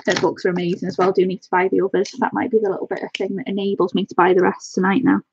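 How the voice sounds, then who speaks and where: A woman chatting excitedly on a live stream, gushing and thanking her viewers by name. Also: mid-range voice, very fast, gravelly, lo-fi sound, background noise. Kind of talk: casual live-stream chat.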